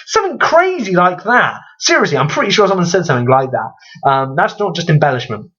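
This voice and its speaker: A young man rants through a vlog in a somewhat high voice, exasperated and full of swearing, often stopping to restart a thought. He rambles on and on, and the recording is a touch dull and lo-fi. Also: big pitch swings, a little fast, fairly bright tone. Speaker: vlogger. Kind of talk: ranting commentary vlog.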